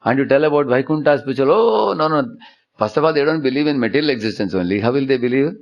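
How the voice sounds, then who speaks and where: A man's voice: mid-range voice, rapid-fire. A man giving a devotional lecture as a spiritual teacher. He tells stories and keeps checking in with the listeners through tag questions. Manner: storytelling, with frequent tag questions. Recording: dull lo-fi sound.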